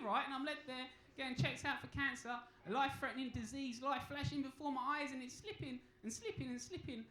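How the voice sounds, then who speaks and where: Young man, stand-up comic, cheeky and crude, bright high voice, echoey club. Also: brisk, hardly any pauses. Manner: cheeky, crude, deadpan storytelling. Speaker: stand-up comedian. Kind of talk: stand-up comedy set. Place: comedy club stage. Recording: echoey club room, faint noise.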